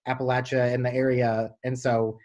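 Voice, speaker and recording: A man hosting a podcast, talking in a halting, enthusiastic way full of fillers. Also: medium pitch, level tone, a little mellow, lo-fi sound. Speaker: podcast host. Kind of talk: casual interview chat.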